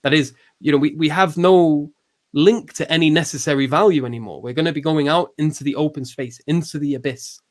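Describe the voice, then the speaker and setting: A man's voice: on the high side, brisk. A man hosting a podcast, explaining philosophy in a loose, thinking-aloud way with many restarts and fillers. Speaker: podcast host. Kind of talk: casual philosophical discussion.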